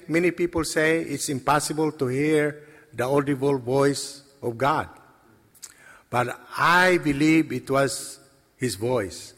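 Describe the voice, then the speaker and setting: A man giving a personal faith testimony to a congregation, earnest and halting, with many pauses and restarts. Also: mid-range voice, fairly bright tone. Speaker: lay speaker giving a testimony. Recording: long reverb of a large hall.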